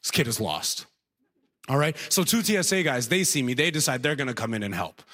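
A man doing a stand-up comedy routine, telling a story with quick impressions of the people in it. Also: mid-range voice, big pitch swings, fairly bright tone, big-room sound. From outside the United States.

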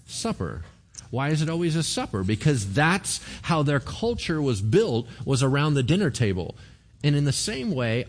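A man, a pastor, giving a conversational sermon in an animated way and often checking in with the congregation. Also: medium pitch. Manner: animated, keeps asking the congregation "right?".

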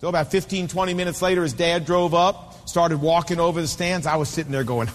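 A man's voice: fairly high pitch, fairly even intonation, fast talker, few pauses, long reverb tail. A man in his fifties preaching a sermon with an emphatic, repetitive cadence. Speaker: pastor.

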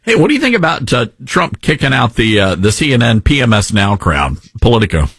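A man hosting a casual political talk show, conversational and quick to joke. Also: mid-range voice, very animated, fairly bright tone, slightly rough, no room sound, clean studio sound. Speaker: host.

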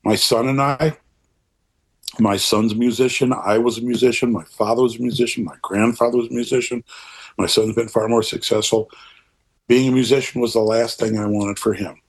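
An older man in an interview conversation, talking in an earnest, rambling way with animated asides, his voice a little husky. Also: mid-range voice, normal speed.

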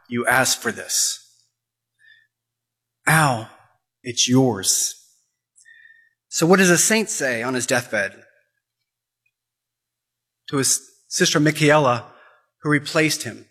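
A man's voice: fairly high pitch, bright, forceful tone, husky. A man giving an impassioned Catholic talk, repeating phrases and pressing urgent questions. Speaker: Catholic speaker.

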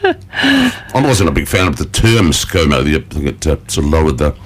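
A man's voice: a bass voice, huge pitch swings, moderate pace. A man, hosting a casual radio chat, chatty and joking, laughing often. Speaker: radio host.

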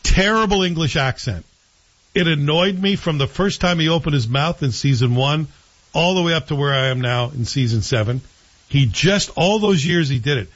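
Guy hosting a chat show, husky voice, rambly and opinionated, kinda muffled audio. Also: mid-range voice. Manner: chatty, opinionated, rambling with self-corrections. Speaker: show host reviewing TV series. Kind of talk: casual chat.

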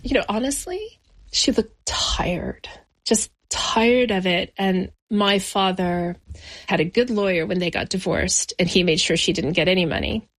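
A middle-aged woman looks back on her childhood for an interviewer. She tells it in a measured, reflective way, slowing into pauses. Her voice sits at an ordinary middle pitch. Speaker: interview guest. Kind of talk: personal memoir interview.

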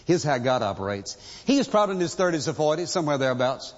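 A man with a fairly high voice preaching emphatically and asking rhetorical questions. His storytelling rings through a large church hall with a long reverb. The recording is dull and lo-fi. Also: lively intonation, quick pace, few pauses. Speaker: pastor. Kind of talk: sermon.

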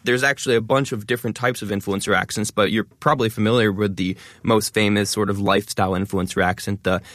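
Fast-talking man with a low voice. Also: fairly even intonation, a bit bright, dry recording, studio quality. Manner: fast talker, stresses many words. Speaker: influencer guest. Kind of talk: interview conversation.

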